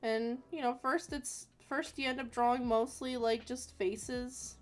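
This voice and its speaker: A woman's voice: on the high side, steady tone, measured pace. A woman in her thirties, an artist chatting casually with viewers while drawing, rambling and self-deprecating. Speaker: artist hosting a chat stream.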